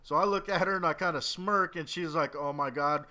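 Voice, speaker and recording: High-voiced profane young man rambling. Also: steady tone, brisk, sharp tone. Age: 20s. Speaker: gaming commentator. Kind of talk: casual storytelling over gameplay.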